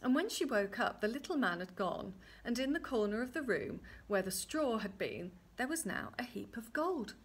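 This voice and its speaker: A woman storyteller reading a traditional fairy tale aloud in a gently expressive way. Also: a little high, moderate pace, few pauses, slightly rough.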